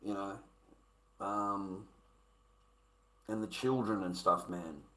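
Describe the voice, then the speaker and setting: A man's voice: lowish voice, steady tone, slow pace, fairly bright tone, rough recording. A man ranting bluntly and profanely at his live-stream chat. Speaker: livestreamer.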